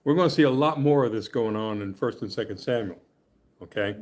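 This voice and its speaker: In a loose, chatty Bible study, a middle-pitched man talks a little fast as he reads scripture aloud. He stops to explain it with jokes, laughs often, and keeps checking in with his class with "okay?"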